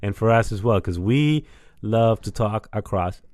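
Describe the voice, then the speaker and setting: A man's voice: lowish voice, animated, measured pace, darkish tone, no echo. Young male podcast co-host, rambling and chatty, dry close sound. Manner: loose and rambling, repeats himself. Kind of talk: casual podcast chat.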